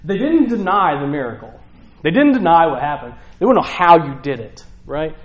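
Man, young adult, preacher, casual rambling sermon, fairly high voice, church stage. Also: big pitch swings, brisk, rough recording. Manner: casual, rambling, many restarts and fillers. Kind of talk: conversational sermon.

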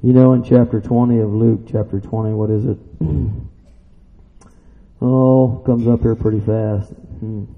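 Gravelly preacher man in a reverberant hall. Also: measured pace. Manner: animated, swings from loud excited shouts to low quiet asides; asks the listeners questions. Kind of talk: sermon. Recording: dull sound with long reverb in a hall.

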